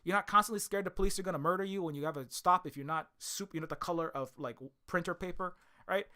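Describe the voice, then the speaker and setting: High-pitched, bright and forceful, this young Hawaiian video creator speaks at a quick pace. His casual monologue rambles and hits hard, full of swearing and restarted sentences.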